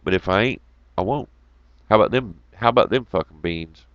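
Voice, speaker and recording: A man's voice: lowish voice, brisk, fairly bright tone, dry recording, lo-fi sound. A man telling rambling oil-field stories in a casual, profane way, often laughing.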